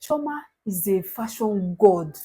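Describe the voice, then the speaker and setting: A Nigerian woman recapping a reality show in casual, animated gossip, laughing often. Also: medium pitch, takes it slowly, breathy edge. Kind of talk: casual chat.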